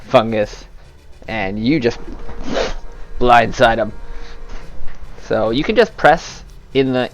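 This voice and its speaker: A man running a tabletop game as dungeon master, narrating the action vividly and casually. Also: medium pitch. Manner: animated, casual, swears, laughs.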